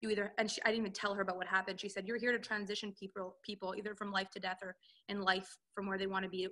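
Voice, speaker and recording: A woman's voice: mid-range voice, level tone, rapid-fire, bright, forceful tone. A woman coaching entrepreneurs, telling her personal story in an interview and acting out the dialogue she quotes. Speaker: relationship and business coach, guest.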